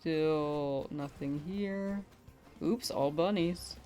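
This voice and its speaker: A young American woman streaming a game, talking easily with her chat and breaking into giggles between thoughts. Her voice sits a little low for a woman, and soft game music plays faintly behind her. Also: very slow. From United States. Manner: giggly, laughs often, chatty with viewers. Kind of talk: live gameplay stream chat.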